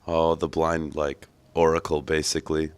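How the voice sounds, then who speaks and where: A man with a deep voice giving casual gameplay commentary as a gaming channel host, rambling, joking and swearing freely. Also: completely flat delivery, normal speed, clear, resonant tone, no echo.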